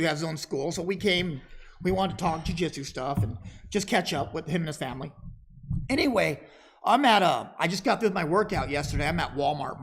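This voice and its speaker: A man co-hosting a podcast, telling animated, profane anecdotes in casual chat. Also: fairly high pitch, vocal fry. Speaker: podcast co-host.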